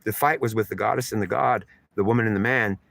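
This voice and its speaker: A man's voice: fairly low pitch, fast, creaky, fairly bright tone. A man delivering a rambling, repetitive spiritual monologue in an emphatic, stream-of-consciousness way. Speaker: channeler giving spiritual messages.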